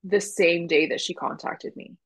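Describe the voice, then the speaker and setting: A woman with a slightly low voice recounts a story in casual podcast chat. She acts out the quoted lines as she goes and keeps a relaxed, conversational pace. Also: normal speed, rough recording. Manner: animated retelling with quoted dialogue and laughs. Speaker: doula telling her story.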